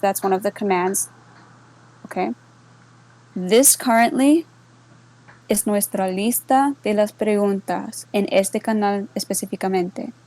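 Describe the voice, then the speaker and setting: A server moderator with a mid-range voice explains a bot in a relaxed screen-share tutorial, mixing English and Spanish. She uses lots of fillers and often checks in with "okay?", and the recording is rough.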